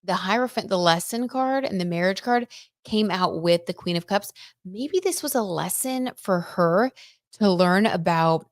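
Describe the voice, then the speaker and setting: A young woman hosting a casual live-stream tarot reading, chatty and excitable, reading out viewer comments and reacting with frequent exclamations. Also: medium pitch, no echo, clean studio sound. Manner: chatty and excitable, lots of "oh my god" and "like".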